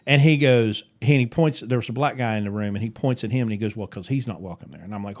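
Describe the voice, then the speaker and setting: A man's voice: on the low side, fast talker, few pauses. Folksy West Virginian man telling stories. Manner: rambling storyteller, folksy, jokey. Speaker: podcast co-host. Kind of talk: casual chat.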